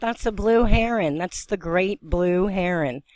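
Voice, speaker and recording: A woman from western Pennsylvania vlogging on a phone, excitable and rambling as she talks, often breaking into laughter. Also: lowish voice, measured pace, no room sound. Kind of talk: excited spiritual vlog narration.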